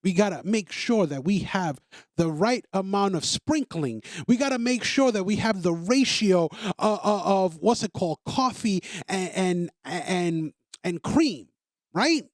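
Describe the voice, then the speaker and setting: A man with a high, very lively voice that swings up and down as he pushes his points. He talks emphatically, circles back on his phrases and stumbles over restarts. The sound is dry and close, with no room around it. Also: a little slow, no room sound. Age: adult parent. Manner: emphatic, repetitive, stammers on restarts. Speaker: podcast host. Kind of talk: opinionated monologue.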